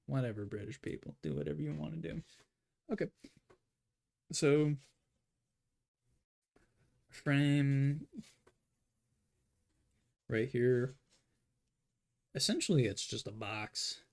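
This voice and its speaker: Gravelly man rambling while he draws. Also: medium pitch, lively intonation, slow pace, long pauses, darkish tone. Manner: rambling, talking to himself. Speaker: artist. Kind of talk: casual drawing commentary.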